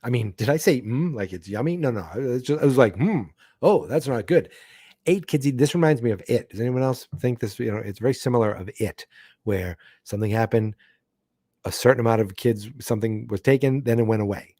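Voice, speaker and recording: A man's voice: medium pitch, fast talker, dark tone, no room sound, clean studio sound. A man hosting a live book-club podcast, reading a comic aloud and breaking off for chatty asides. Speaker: podcast host.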